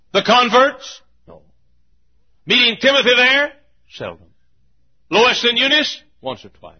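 A man preaching a sermon who swings between shouted peaks and hushed, drawn-out lows, often clearing his throat. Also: highs cut off. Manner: frequent throat clearing and coughs.

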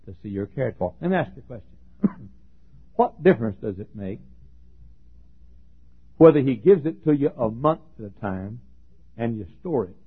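A husky male pastor preaching a folksy, joking sermon that swings from hushed talk to shouting. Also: mid-range voice. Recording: tinny lo-fi sermon recording.

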